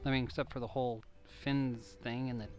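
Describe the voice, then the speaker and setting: A man's voice: medium pitch, level tone, fairly quick, lo-fi sound. Rambling joking young man gaming. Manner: rambling, joking, self-deprecating. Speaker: game commentator. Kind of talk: casual let's-play commentary. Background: video game music.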